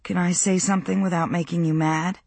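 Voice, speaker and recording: A man's voice: high-pitched, level tone, brisk, vocal fry, a little mellow, slightly rough, dry recording, heavily acted. A reader doing an anxious, pleading teenage girl. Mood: hesitant.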